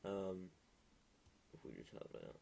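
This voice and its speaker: A man streaming live while he builds a game, thinking aloud in a halting way with many restarts. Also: deep voice, sing-song, creaky, warm tone, slight background noise.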